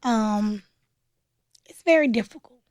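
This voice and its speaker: Speaking slowly in a fairly high voice, this woman recounts her own story as a radio interview guest, animated and plainspoken, performing the voices of people she quotes. She founded a nonprofit, and the studio-quality audio has no echo.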